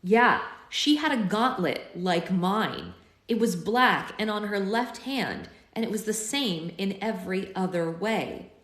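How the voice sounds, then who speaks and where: Woman reading a novel out loud live, chatty and playful, roomy echo. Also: mid-range voice, lively intonation, a little slow. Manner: chatty, playful, goes off on tangents. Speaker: book club host. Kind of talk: live read-aloud with casual asides.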